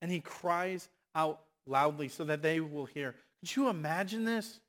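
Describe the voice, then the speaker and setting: Slow, impassioned male preacher. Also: on the high side, animated. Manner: impassioned, swinging between loud exhortation and hushed asides. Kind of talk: sermon.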